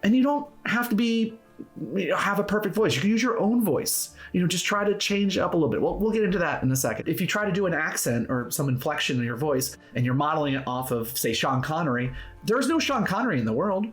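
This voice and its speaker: A man's voice: high voice, animated, fast, faint music behind. A man hosting a tabletop roleplaying tips video, talking casually and encouragingly to camera in an upbeat, conversational way. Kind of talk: casual instructional talk to camera.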